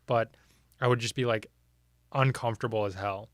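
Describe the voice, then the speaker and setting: A man's voice: mid-range voice, steady tone, no room sound, studio quality. Joking young Midwestern man telling stories. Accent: Midwestern American. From American Midwest. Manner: joking, storytelling, quick banter. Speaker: podcast co-host. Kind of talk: casual chat.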